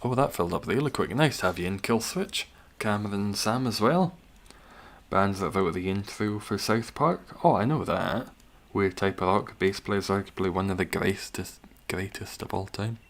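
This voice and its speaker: A young man with a fairly low voice hosts a live game stream at normal speed. He chats casually, giving commentary while gaming, answering chat and teasing viewers with dry humor.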